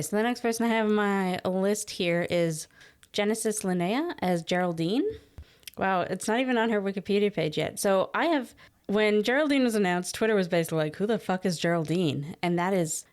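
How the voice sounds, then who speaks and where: A woman's voice: mid-range voice, brisk, clean tone. A woman in a casual podcast chat, co-hosting and explaining things at length in a chatty, opinionated way. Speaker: podcast co-host.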